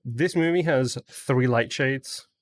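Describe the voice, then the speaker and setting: A man's voice: medium pitch, takes it slowly, dry recording. A man co-hosting a casual film podcast, eagerly explaining scenes and details. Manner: eager explainer, acts out quoted lines. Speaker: podcast co-host.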